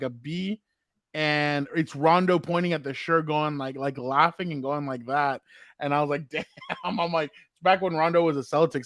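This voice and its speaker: A man's voice: on the high side, fairly bright tone, no echo, clean studio sound. A man co-hosting a sports podcast in casual chat, rambling with lots of fillers and acted-out quotes. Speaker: podcast co-host.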